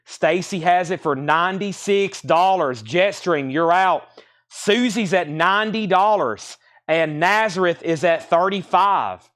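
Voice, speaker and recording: Brisk man auctioneering records live. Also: sits high, a bit bright. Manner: rattles off titles and prices, brisk auctioneer patter. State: a bit out of breath. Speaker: host of a live record sale.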